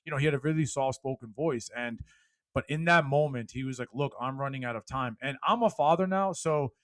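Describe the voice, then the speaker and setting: A man in an interview, telling his own story with lively energy that rises and falls. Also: mid-range voice, a little fast, dry recording. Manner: animated, gets loud and laughs when telling a punchline. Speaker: guest speaker.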